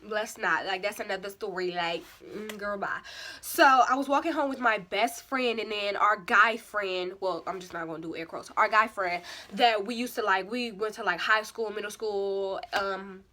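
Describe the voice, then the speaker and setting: A young woman vlogger telling her own embarrassing stories in a casual, animated and slangy way, poking fun at herself. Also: mid-range voice, moderate pace. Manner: animated, slangy, self-mocking. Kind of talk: casual storytelling.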